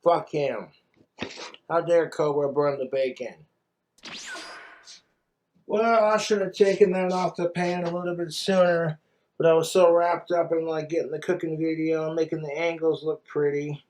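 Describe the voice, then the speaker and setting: A man's voice: a little high, fairly even intonation, moderate pace, a little mellow, slight background noise, rough recording. A man talking casually to the camera while he cooks, frustrated with himself, scolding himself and swearing a lot. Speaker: cooking vlogger. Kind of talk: casual cooking vlog.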